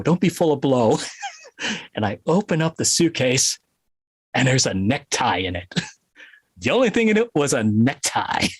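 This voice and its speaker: A middle-aged man from Connecticut telling a story in a casual interview, animated and laughing often. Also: medium pitch, dry recording. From Connecticut, USA. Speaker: guest musician.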